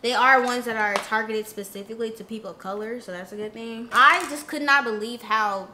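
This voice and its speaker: A young woman telling a storytime vlog, ranting in an animated, indignant way. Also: on the high side, fairly quick, a little hiss or hum. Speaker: influencer vlogger.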